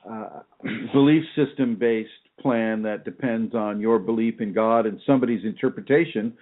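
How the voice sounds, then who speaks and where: A man's voice: fairly low pitch, normal speed. A man hosting a call-in radio show, teaching earnestly with repeated phrases and restarts. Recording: tinny phone line.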